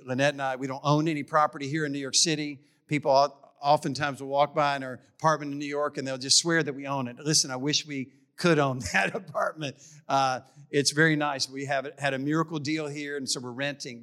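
A man's voice: a little high, fairly bright tone. A middle-aged man preaching a sermon in a church, emphatic and repetitive, often tripping over his words. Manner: emphatic, repeats key phrases, stumbles on words. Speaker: pastor.

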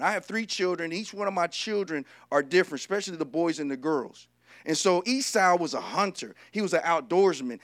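A male preacher giving a lively, humorous sermon and talking directly to the congregation. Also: high-pitched, no echo.

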